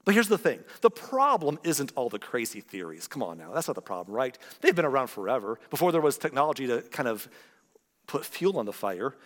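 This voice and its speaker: A man preaching a conversational sermon as pastor, animated and playful, with joking asides and quick impressions of other people. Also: mid-range voice. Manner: animated, joking asides, acts out quoted voices. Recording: long reverb of a large hall.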